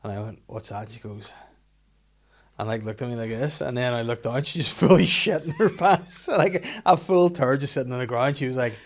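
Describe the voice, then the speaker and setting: A man's voice: medium pitch, normal speed. Man, 30s, podcast host; casual, laughing storyteller. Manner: storytelling, laughs often, swears freely. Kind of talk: casual chat.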